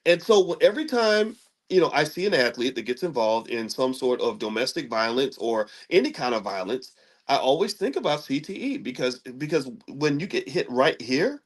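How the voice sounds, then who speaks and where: A middle-aged man from Kentucky hosting an opinion commentary, preachy, throwing rhetorical questions at his audience. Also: on the high side. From Louisville, Kentucky. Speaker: host.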